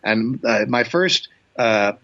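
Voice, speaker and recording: A man's voice: medium pitch, expressive, slow pace, a bit bright, lo-fi sound. An older man from Indiana, a comedian and voice actor, telling rambling anecdotes as a guest with many restarts and chuckles. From Indiana, United States. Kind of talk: casual storytelling interview.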